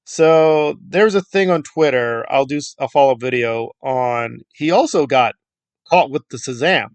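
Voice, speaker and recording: A man rants to camera in a scornful, insulting tone and hammers the same points again and again. His pitch swings widely as he mocks and scolds. The sound is dry and close, with no room around it. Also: expressive, unhurried, no echo. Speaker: YouTube commentator. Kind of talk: angry commentary rant.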